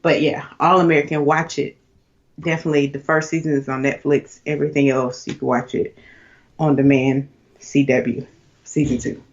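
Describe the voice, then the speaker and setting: A young woman co-hosting a podcast, chatty and animated, with lots of fillers. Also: sits low, moderate pace, highs cut off. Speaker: podcast co-host. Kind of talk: casual chat.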